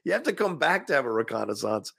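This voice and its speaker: A man's voice: mid-range voice, sing-song, fast, creaky, sharp tone, slightly rough, no echo, clean studio sound. A man co-hosting a podcast, talking about movies in casual, opinionated chat and laughing often. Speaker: podcast co-host.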